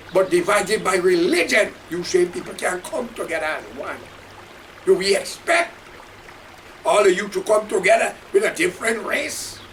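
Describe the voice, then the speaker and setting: A man with a Guyanese accent delivering an impassioned political rant, fiery and preaching, often shouting. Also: extremely high pitch, gravelly, recorded from a distance, slight background noise. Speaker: political commentator.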